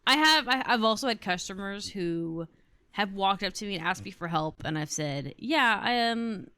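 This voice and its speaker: A chatty young woman in her twenties rambles through stories as she hosts a gaming video. Her voice sits at an ordinary middle pitch. It is recorded dry, with no room echo. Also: animated, moderate pace, bright, forceful tone, clean tone. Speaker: gaming channel host. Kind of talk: casual chat over gameplay.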